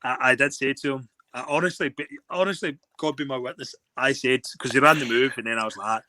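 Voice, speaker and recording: A middle-aged Scottish man telling rambling, animated stories with many restarts in a casual chat. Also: mid-range voice, a little fast, dry recording. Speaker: guest.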